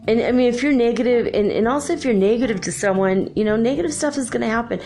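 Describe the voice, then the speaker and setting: A woman's voice: a little high, fast talker, a little mellow, soft background music. A woman hosting a spiritual talk show, speaking in a rambling, chatty way with lots of filler words. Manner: rambling, chatty, full of "you know" and "like". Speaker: podcast host.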